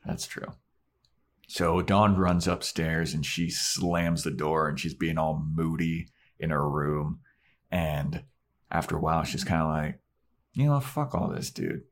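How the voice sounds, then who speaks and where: A man's voice: rumbling low, unhurried. A man hosting a podcast, casually and animatedly recapping an episode. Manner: animated storyteller. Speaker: podcast host. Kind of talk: casual chat recapping a show.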